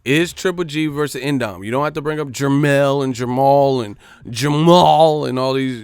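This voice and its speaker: A man's voice: mid-range voice, normal speed, hardly any pauses, a little mellow, clear, resonant tone, no room sound. A man hosting a boxing live stream, ranting in a profane, mocking, repetitive way.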